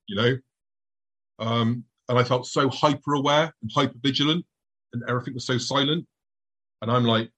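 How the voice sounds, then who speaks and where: Recounting a tense episode from his own life to an audience, a middle-aged man voices his past thoughts in a hush. His medium-pitched voice is slightly rough and quick-paced, and the audio is poor.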